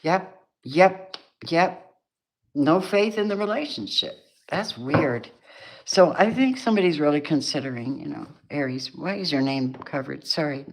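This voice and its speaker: A middle-aged woman talks through a tarot reading in a casual, chatty way. Her voice sits low, and she laughs often and slips into playful voices for the people in the cards. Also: animated, a little slow. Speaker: tarot reader.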